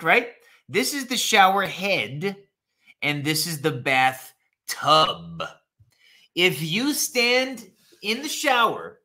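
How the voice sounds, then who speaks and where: Slow, animated man teaching English. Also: sits high. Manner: slow, repetitive, animated teacher talk, answers chat questions. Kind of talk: live online English lesson.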